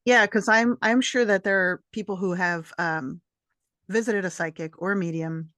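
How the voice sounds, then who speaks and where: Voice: mid-range voice, fairly even intonation, moderate pace, bright, forceful tone, no echo, clean studio sound. A podcast host chatting agreeably in a casual interview, with hesitations and fillers.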